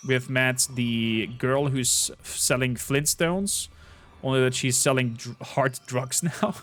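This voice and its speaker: A man's voice: medium pitch, a bit bright. A man streaming a game, chatting casually and rambling through a recap. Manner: rambling, chatty, with frequent fillers. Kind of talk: casual gameplay commentary. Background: faint game music.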